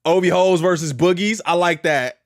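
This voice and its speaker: A young man hosting a hip-hop news reaction stream, casual and slangy, breaking into loud outbursts and quick asides to his chat. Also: high voice. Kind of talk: casual live-stream reaction, reading a legal filing aloud.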